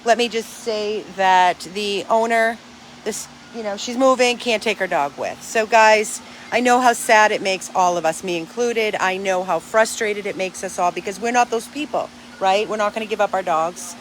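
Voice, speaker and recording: A woman's voice: medium pitch, moderate pace, slight background noise. A woman who runs a dog rescue, talking to her followers outdoors in an earnest, emphatic, chatty way. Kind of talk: casual vlog to followers.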